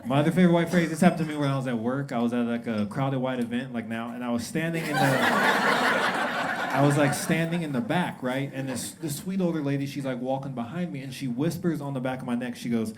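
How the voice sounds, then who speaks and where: A man's voice: medium pitch, fairly quick. A young man performing a stand-up comedy set, chatting loosely, acting out quotes and laughing at his own jokes. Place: comedy club stage. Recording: live club recording with loud crowd noise. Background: loud audience laughter.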